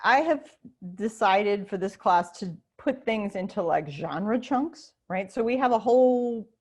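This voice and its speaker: A woman professor answering teachers' questions in an informal online Q&A, chatty and animated, with many fillers and restarts, speaking over a video call. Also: medium pitch, measured pace.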